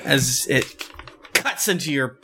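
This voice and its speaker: Male game master, bright tone, playful, rambling, restarts often. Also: mid-range voice, expressive, slow, faint music behind. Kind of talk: narrating a tabletop game session.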